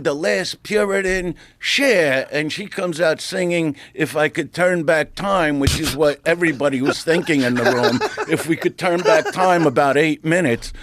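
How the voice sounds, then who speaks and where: A middle-aged man, a comedian telling a story as a podcast guest in a brash, profane, animated way, acting out what people said. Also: on the high side, dry recording. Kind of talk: casual storytelling.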